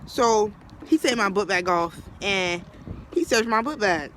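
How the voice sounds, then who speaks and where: A man's voice: high voice, a little slow, slight background noise, poor audio. A man telling a personal story in a casual, slangy, rambling way. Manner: slangy, rambling, animated retelling with acted quotes.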